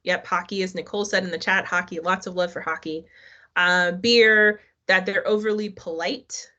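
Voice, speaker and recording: A woman's voice: fairly low pitch, steady tone, normal speed, pushed and bright, lo-fi sound. Woman teacher chatting through a lecture. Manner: conversational, asks the class questions. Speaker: history teacher. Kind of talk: live online class lecture.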